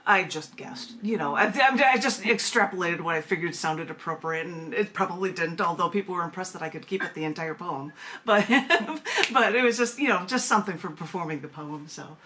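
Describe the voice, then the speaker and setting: A woman with a lowish voice talks casually as a poet and performance artist, joining the interview over a video call. She laughs easily and often restarts a phrase before finishing it. She also reads her own poems aloud. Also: lively intonation, a little fast, sharp tone, slight background noise. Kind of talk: casual interview talk and poetry reading.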